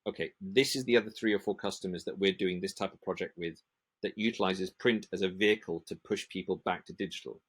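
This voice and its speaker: Man, from the UK, low-pitched voice, passionate, acts out dialogues, podcast interview. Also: steady tone, quick pace, slightly rough. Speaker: print industry association manager.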